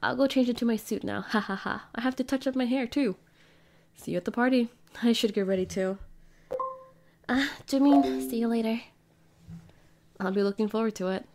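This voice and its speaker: Female let's-player, bright and high, chatty and giggly, reads game dialogue aloud. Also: moderate pace, pauses often, slight background noise. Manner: playful, giggly, reads character lines in her own voice. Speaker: gaming streamer. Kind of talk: casual let's-play commentary, reading game dialogue aloud.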